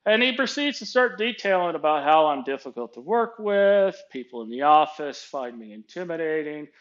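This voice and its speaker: A man's voice: on the high side, lively intonation, normal speed, a bit bright. A middle-aged man telling a story about his workplace as a casual rant, blunt, dry and sarcastic. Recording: dull lo-fi recording.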